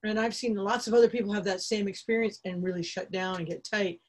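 A woman's voice: medium pitch, fast. A woman in a casual church group discussion, candid and anecdotal, with many fillers, heard over a video call.

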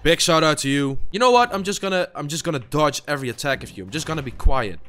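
A tired young gaming YouTuber, a non-native English speaker, swears and mutters to himself while commentating on gameplay. He talks fast in a slightly high voice with a fairly bright tone, and soft music plays in the background.

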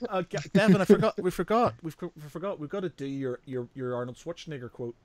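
A man's voice: on the high side, fast talker, a crowd in the background. A man co-hosting a podcast in casual chat, playful and laughing, often tripping over his words. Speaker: podcast co-host.

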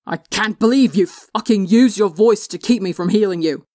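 A woman voicing a furious, tearful teenage boy who yells and curses at his brother. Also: fairly high pitch, moderate pace, no room sound, clean studio sound, close to an everyday voice. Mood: angry tearful. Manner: yelling, cursing, tearful.

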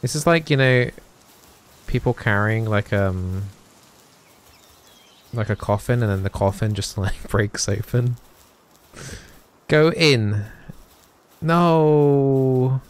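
A man's voice: lowish voice, unhurried, long pauses. Man doing playful gaming commentary. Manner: playful, mock-solemn, chatty with fillers. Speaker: gaming YouTuber. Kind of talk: let's play commentary.

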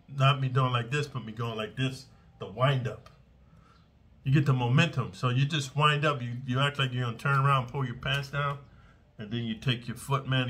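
Blunt ex-con man, husky and bright, swaggering street talk full of "man" and "dude," loud bursts on strike sounds. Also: mid-range voice. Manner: animated, shouts out strike sounds. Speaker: ex-convict giving prison survival advice. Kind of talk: unscripted, profane street talk to camera. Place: in Manila.

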